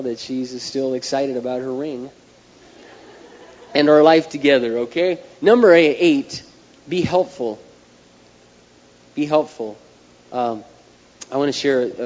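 Animated male pastor in an echoey hall. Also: medium pitch. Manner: animated storytelling, numbered points. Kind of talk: sermon. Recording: dull echoey hall recording, faint hiss.

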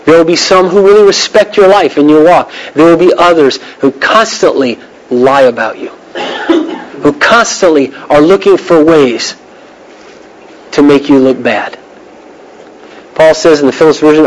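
A man's voice: a little high, normal speed, long pauses, rough recording. A man preaching a sermon in an earnest, emphatic way, asking the listeners pointed questions.

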